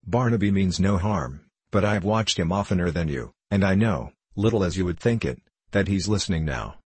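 A man with a very low, husky voice playing an earnest middle-aged locksmith who speaks cautiously and confidingly in an audiobook. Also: expressive, a little fast, dry recording, exaggerated voice. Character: earnest middle-aged male locksmith, kindly but wary.

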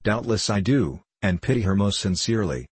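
A man's voice: lowish voice, expressive, a little fast, darkish tone, husky, dry recording. A man reading the part of a devout abbot, speaking with earnest, soothing persuasion. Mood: tender. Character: tender, devout older male abbot.

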